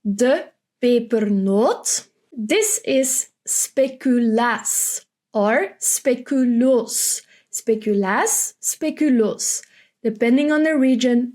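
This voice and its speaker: Woman, language teacher, slow careful delivery, slightly higher voice. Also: a little mellow. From Belgium. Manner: repeats words slowly and clearly for learners. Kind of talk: vocabulary lesson, slow and careful.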